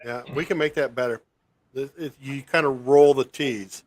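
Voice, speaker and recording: A man's voice: medium pitch, fairly even intonation, normal speed, dry recording. A man from the Pacific Northwest, teasing his friends and telling stories in a casual live stream chat. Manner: teasing, storytelling.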